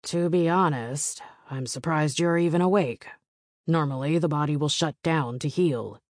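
A woman voicing a calm hospital doctor who explains injuries in a measured, matter-of-fact way, in an audiobook. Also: low-pitched, no echo, studio quality, natural voice. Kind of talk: audiobook narration.

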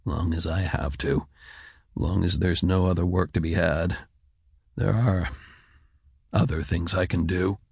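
A stocky, worn-out father who speaks low and soft, steady and stoic, as a male narrator voices him. The tone is deep and gravelly, with a husky grain, captured dry and close. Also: measured pace, long pauses, dry recording, exaggerated voice. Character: stocky, weary laborer father, quiet and stoic. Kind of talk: audiobook character voice.

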